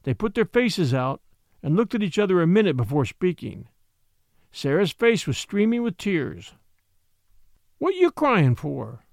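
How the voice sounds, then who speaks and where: A man narrating a classic short story, reading in an expressive, measured way. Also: high voice, no echo, clean studio sound. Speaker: narrator and podcast host.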